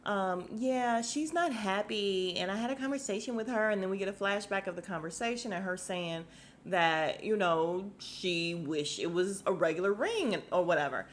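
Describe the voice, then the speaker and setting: A woman's voice: fairly low pitch, normal speed, a little hiss or hum. A woman hosting a podcast at home, recapping a reality show in a chatty, sassy way and laughing often. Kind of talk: casual chat.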